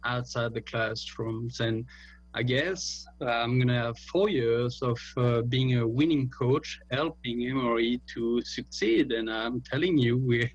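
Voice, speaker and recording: A man's voice: mid-range voice, husky. A man with a French accent speaks as a teacher and coach on a video call. He is modest and heaps on emphatic praise. The sound is slightly dull, as if through a small mic. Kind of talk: casual remarks on a video call.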